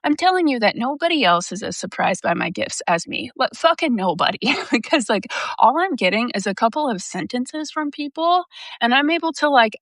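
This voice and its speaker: A young woman rambles to her viewers about her work as an intuitive reader, dropping fillers and swearing freely. Her voice sits at an ordinary pitch. The sound is close and dry, with no room around it. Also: fairly bright tone, no room sound. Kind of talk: casual monologue to camera.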